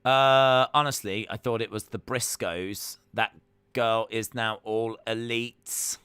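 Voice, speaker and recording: Chatty and joking, a reaction streamer keeps stopping on "uh" as he talks live. His voice is lowish with fairly even intonation, yet very bright, forward and clean, captured up close with no room sound at all.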